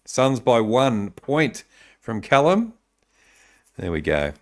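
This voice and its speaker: Speaking slowly in a mid-range voice with big swings in pitch, an Australian podcast host runs a casual live-streamed talk show. He reads viewer comments and tips out loud, stumbling through many ums and uhs.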